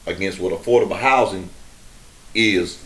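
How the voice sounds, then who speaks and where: A middle-aged man hosting a podcast, telling a story in an unhurried, conversational way with frequent restarts. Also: deep voice, a bit bright. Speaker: podcast host.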